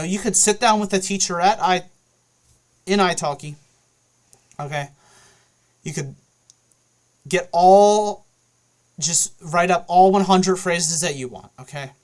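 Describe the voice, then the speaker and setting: A man talking casually straight to the camera in a loose, rambling monologue full of fillers. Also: high voice. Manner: loose, filler-heavy, often checks in with "okay?". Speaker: vlogger.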